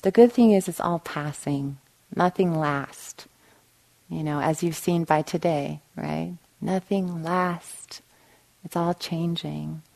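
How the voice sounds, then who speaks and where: A woman's voice: sits low, unhurried, gravelly, few pauses, rough recording. A woman meditation teacher giving a dharma talk, often checking in with listeners and telling a story. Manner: warm storytelling with frequent "right?" asides. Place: meditation hall.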